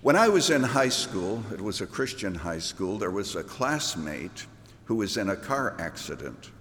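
A man's voice: on the low side, very animated, moderate pace, a bit bright. A man preaching a sermon, retelling a Bible story and stretching key words out for emphasis. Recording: reverberant hall.

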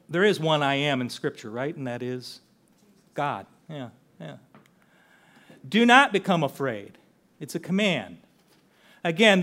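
A man's voice: fairly high pitch, a bit bright. Earnest older man preaching a sermon. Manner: earnest, conversational preaching with rhetorical questions. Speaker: pastor.

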